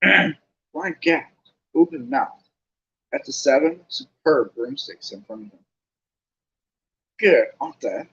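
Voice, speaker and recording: Lively male audiobook reader. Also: medium pitch, slow, creaky, long pauses, highs cut off. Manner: lively reading with casual asides. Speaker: narrator. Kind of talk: audiobook reading.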